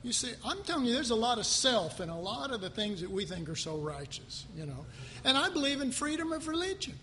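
A man preaching a sermon as pastor, animated and talking with his congregation, acting out other people's voices. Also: very high voice, brisk. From United States. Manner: animated, acts out quoted voices, asks the audience questions. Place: church hall. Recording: long hall reverb, faint background noise.

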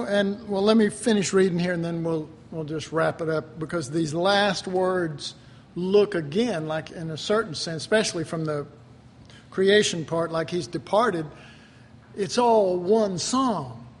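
Pastor guy rambling through a sermon, high voice, echoey hall, bit of background hiss. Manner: rambling, conversational preaching with frequent fillers. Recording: long reverb with faint ambient noise.

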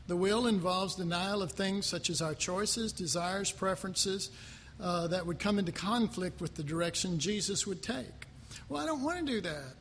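A male pastor preaches in a high, lively voice, firing questions at his congregation and acting out the people he talks about. His voice rings through a large hall with a long reverb. A faint hum of noise sits underneath. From United States. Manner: animated, acts out quoted voices, asks the audience questions. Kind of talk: sermon. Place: church hall.

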